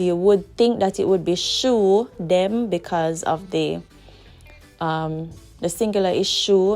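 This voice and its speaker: Mellow Jamaican woman teaching patiently. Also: fairly low pitch. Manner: patient, repeats each example sentence slowly. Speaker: language teacher. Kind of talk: language lesson.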